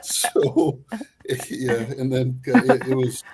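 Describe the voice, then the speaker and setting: A man co-hosting a casual live-stream travel chat as a travel expert, an animated storyteller who often breaks into laughter. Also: medium pitch, normal speed, slight background noise.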